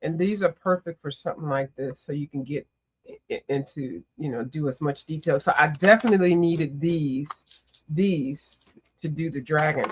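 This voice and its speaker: A woman's voice: low-pitched, moderate pace, slight background noise. Chatty woman hosting a coloring stream. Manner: chatty and animated, greets viewers, often exclaims. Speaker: coloring livestream host. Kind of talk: casual livestream chat.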